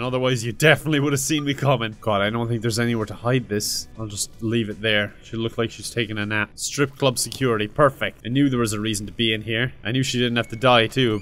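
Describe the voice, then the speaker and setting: A man's voice: medium pitch, a bit bright. A young man doing joking, sarcastic let's play commentary. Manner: joking, sarcastic, laughs often. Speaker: gaming YouTuber.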